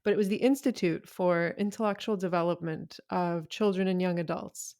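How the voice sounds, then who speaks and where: A woman guest on a film podcast, talking casually and eagerly with quick asides. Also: fairly low pitch, steady tone, darkish tone.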